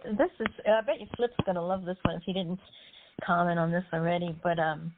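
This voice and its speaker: A woman's voice: lowish voice, fairly even intonation, brisk, a little hiss or hum. A woman hosting an online poetry show, chatting casually and laughing often as she gives feedback. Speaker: host. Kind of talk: casual chat. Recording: tinny phone-like online audio.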